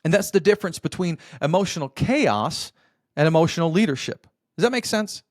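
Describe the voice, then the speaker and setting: Expressive and fairly quick, this slightly high male voice belongs to a podcast host giving heartfelt, coach-like marriage advice. Addressing the listener as brother, he checks in frequently, and the studio sound is clean and dry.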